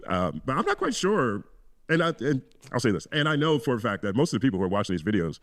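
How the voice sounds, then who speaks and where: A man's voice: mid-range voice, huge pitch swings, fast, fairly bright tone, no room sound, clean studio sound. A man talking earnestly to camera about his viewers in a played clip. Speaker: YouTube commentator.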